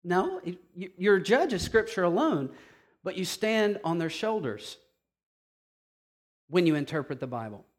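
High-pitched male preacher, casual and punchy sermon delivery. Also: very animated, measured pace, long pauses. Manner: emphatic, conversational, swings between quiet and loud.

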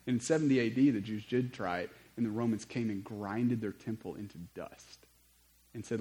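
A man preaching a sermon, telling stories in an animated way with conversational asides. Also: fairly low pitch, normal speed, poor audio. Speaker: pastor.

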